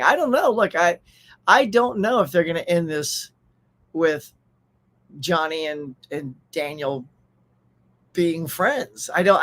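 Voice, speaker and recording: A man's voice: high voice, fairly bright tone. A man with an American accent hosting a live pop culture stream, chatting casually, reading out viewer names and laughing often. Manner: upbeat, chatty, laughs often, reads chat aloud.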